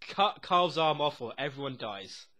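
A young man reacting to a TV episode as he watches. He talks excitedly, swears constantly and often laughs. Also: a little high, measured pace. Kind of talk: live reaction commentary.

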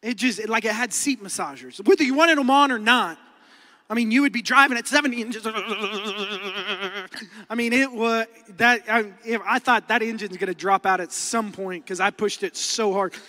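A man in his thirties with an Oklahoman accent, preaching a sermon as a lively storyteller who acts out quotes and laughs often. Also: very high voice, brisk. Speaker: pastor. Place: large church hall. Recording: long hall reverb.

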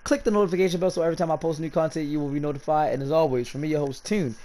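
A man's voice: fairly high pitch, fairly even intonation, racing, dark tone. A man hosting his own gaming channel, talking casually in slang and rambling as he plays and opens packs. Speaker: gaming YouTuber host.

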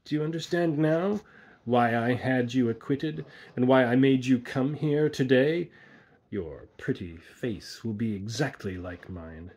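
A bitter, disfigured blind man speaks in a hushed, menacing murmur, as a man reading a horror story puts him on. His husky voice sits low and moves slowly, coaxing one moment and commanding the next. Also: full character voice. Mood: cold gloating.

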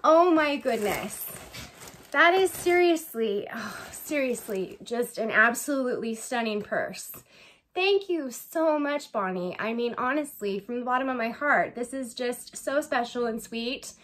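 High-voiced woman gushing over a gift. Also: expressive, unhurried, fairly bright tone. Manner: gushing, effusive, repeats phrases. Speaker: vlogger opening a gift package. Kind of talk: casual unboxing vlog.

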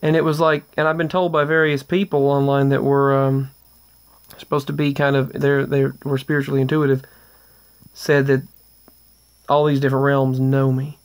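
Here a male vlogger's clear, resonant, mid-range voice moves at normal speed with little change in pitch. He earnestly shares a loose, casual tale of paranormal activity at home, frequently restarting and trailing off into side remarks.

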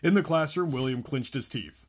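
A man reading a book aloud in an animated way, often laughing between lines. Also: mid-range voice, normal speed. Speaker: reader.

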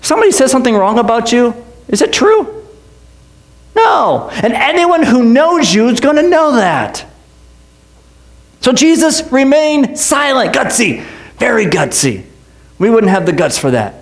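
A male pastor preaching in a church, animated and jokey, acting out quotes and asking questions. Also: very high-pitched, measured pace, vocal fry, long pauses. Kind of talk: sermon, Bible teaching. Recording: echoey church room.

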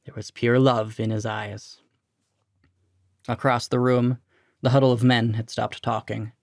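A man reading his own short story aloud in a measured, steady narration. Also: mid-range voice, vocal fry, dry recording, studio quality. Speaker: reader.

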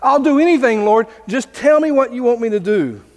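A man's voice: very high-pitched, expressive, fairly quick, big-room sound, pitched above the performer's own voice. A man voicing a desperate man hanging from a cliff, pleading frantically in a raised voice.

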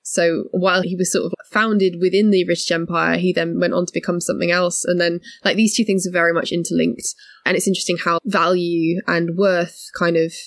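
Woman podcast cohost, low gravelly creaky voice, thinks out loud slowly, dry close sound. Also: flat delivery, no room sound. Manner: thoughtful, analytical, builds points slowly. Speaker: podcast co-host. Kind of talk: casual podcast discussion.

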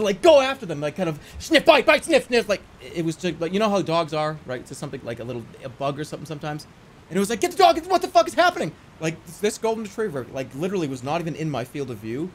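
A man streaming a video game, casually chatting and telling a long, excitable story, swinging from low mumbles to yelps. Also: fast. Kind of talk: casual gameplay commentary.

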